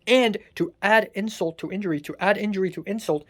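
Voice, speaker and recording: A young adult vlogger, pouring out an exasperated, sarcastic rant full of swearing. The voice sits at an ordinary middle pitch and sounds distressed and worn down. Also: fast, few pauses. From Hong Kong. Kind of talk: casual confessional vlog rant.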